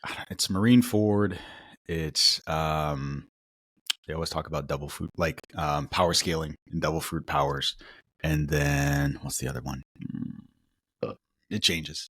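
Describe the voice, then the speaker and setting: A man co-hosting a podcast, rambling through stories in casual chat with an animated, storytelling manner. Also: extremely low pitch, measured pace, dry recording. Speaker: podcast co-host.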